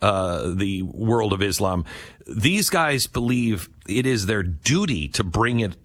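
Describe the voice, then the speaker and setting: A man hosting an interview in casual chat, with animated, chuckling asides. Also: on the low side, takes it slowly, no echo. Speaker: interview host.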